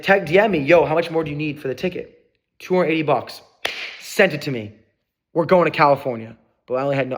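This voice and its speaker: A young man vlogging, telling a personal story in a casual, excitable way. He swears often and acts out the dialogue he quotes. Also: mid-range voice.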